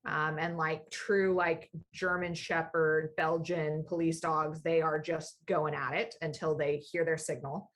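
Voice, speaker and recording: A woman's voice: deep voice, flat delivery, measured pace, hardly any pauses. A woman narrating a tabletop game as dungeon master in a loose, chatty way with many fillers.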